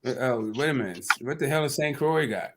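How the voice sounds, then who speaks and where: A man's voice: medium pitch, lively intonation, fairly quick, very noisy. Joking, loose-talking male stream host. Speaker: podcast host. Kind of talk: casual boxing chat on a stream.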